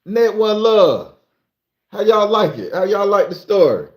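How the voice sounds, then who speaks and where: Joking livestream host in an echoey room. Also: male voice, high voice, big pitch swings, highs cut off. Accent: Southern American. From southern Florida. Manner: loose, joking, reads aloud haltingly. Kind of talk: casual livestream chat.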